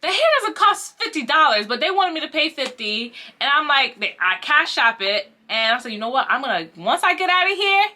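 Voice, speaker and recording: A young woman telling a casual storytime vlog, animated and acting out the voices of the people she quotes. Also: high-pitched, fairly quick, few pauses. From Haitian family. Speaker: vlogger.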